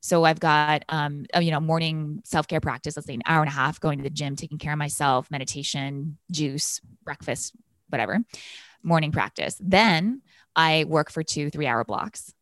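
A woman's voice: deep voice, normal speed, fairly bright tone, no echo, clean studio sound. A woman, a business coach, chatting casually as a podcast guest and listing her daily routine with enthusiasm. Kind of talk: casual chat.

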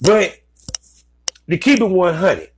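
A man's voice: sits high, big pitch swings, slow, slight background noise. A man giving blunt, profane business advice in a casual, ranting commentary. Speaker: vlogger giving advice to content creators.

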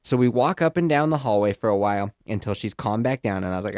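A young man in casual podcast storytelling, rambling and jokey with lively bursts. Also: fairly low pitch, fast talker, hardly any pauses, no echo, clean studio sound. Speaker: podcast host.

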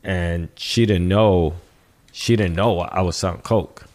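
A man's voice: sits low, slow, a little mellow. A man from New York, a guest telling a casual, rambling story with lots of restarts and swearing. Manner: rambling with frequent restarts and profanity.

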